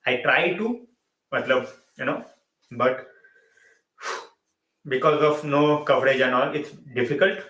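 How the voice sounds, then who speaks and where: This football channel host, running a live stream late at night, is tired and yawns, repeats phrases, and switches into Hindi mid-sentence. He speaks unhurriedly at medium pitch with frequent pauses and a fairly bright tone, in an echoey room on a low-quality recording.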